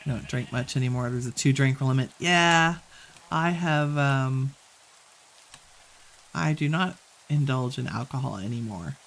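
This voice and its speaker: A man chatting in a relaxed, rambling way while streaming a game, laughing easily. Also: medium pitch, unhurried, creaky, long pauses, a little hiss or hum, rough recording. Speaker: gaming streamer. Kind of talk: relaxed gameplay chat.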